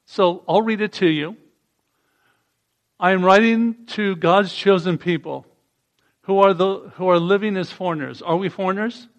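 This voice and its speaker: Man, preacher, sermon, gravelly, slightly high voice, call-and-response scripture reading. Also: measured pace. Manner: reads passages aloud and leads call-and-response.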